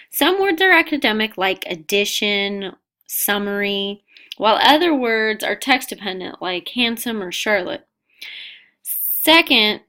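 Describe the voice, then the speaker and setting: A woman with a somewhat high voice narrates an instructional video for teachers. She lays out each step in a plain, orderly way. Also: fairly bright tone. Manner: clear, step-by-step explaining.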